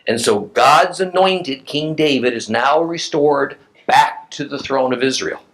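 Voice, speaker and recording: A man's voice: medium pitch, unhurried, a bit bright, poor audio. A man teaching a recorded Bible class who reads scripture aloud and explains it emphatically to his listeners.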